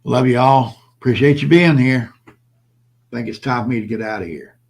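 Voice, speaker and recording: A mid-range, gravelly voice with a darkish, slightly rough tone carries this older prepper host's solo vlog at normal speed. He preaches to his audience bluntly and with passion, restating his points repeatedly.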